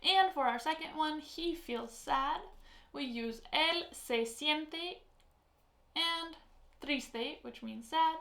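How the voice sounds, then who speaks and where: A woman teaching a Spanish lesson, explaining slowly and patiently, with spoken example phrases. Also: high-pitched, gravelly, fairly bright tone, reverberant. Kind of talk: online language lesson.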